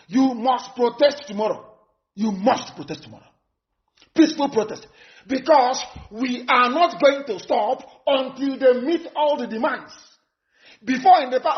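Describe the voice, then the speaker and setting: Fiery high-voiced Nigerian man orating. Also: expressive, normal speed, dull audio. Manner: fiery, scornful, repeats phrases for emphasis. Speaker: political activist. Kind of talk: impassioned live broadcast speech.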